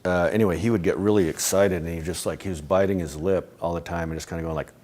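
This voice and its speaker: Low-voiced middle-aged man reminiscing. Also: fairly even intonation, fast talker. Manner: rambling, restarting sentences, laughing softly. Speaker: interviewee, animation creator. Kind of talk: casual reflective interview talk.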